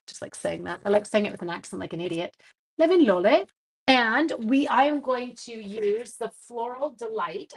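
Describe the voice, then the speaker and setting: A woman's voice: a little high, fairly bright tone. A woman hosting a casual livestream craft demonstration, chatty and bubbly as she greets viewers by name. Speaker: stamping craft demonstrator and host.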